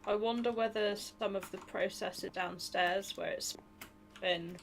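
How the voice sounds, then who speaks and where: A young woman from Britain co-streaming a game, chatty and quick to laugh. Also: medium pitch, steady tone, gravelly, fairly bright tone. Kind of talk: casual game stream chat. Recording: faint keyboard clicks behind.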